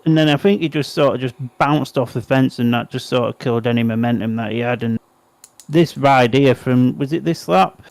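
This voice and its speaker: A man, a young adult co-host, doing excitable speedway play-by-play with wry asides on a close mic. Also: mid-range voice, fairly quick, creaky, no room sound. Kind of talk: speedway watch-along commentary.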